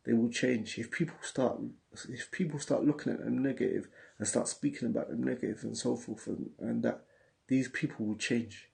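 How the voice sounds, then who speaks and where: A man's voice: medium pitch, fairly even intonation, normal speed, vocal fry, a little mellow. A man with a London accent, hosting a casual livestream, talking in street slang and reading out viewer messages. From England. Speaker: livestream host.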